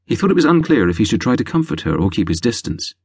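Romance audiobook narrator, male, deep and wry, close dry studio sound. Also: fast, slightly rough, no echo. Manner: lively, wry storytelling. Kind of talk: scripted narration.

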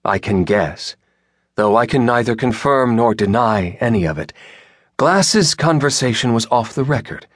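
A man voicing a calm, commanding admiral. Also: mid-range voice, dry recording, studio quality, pitched above the performer's own voice. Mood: measured. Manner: measured, apologetic yet firm.

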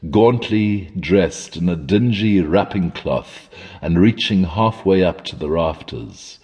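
Deep, husky male audiobook narrator. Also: dark tone, long reverb tail. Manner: measured, dramatic storytelling. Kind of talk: scripted narration of a classic horror story.

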